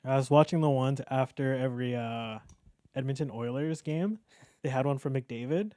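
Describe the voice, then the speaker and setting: A man's voice: mid-range voice, moderate pace, mellow, no echo, studio quality. A man co-hosting a podcast who tells stories playfully and acts out quotes as he goes. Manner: playful storytelling, acts out quotes, laughs often. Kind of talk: casual chat.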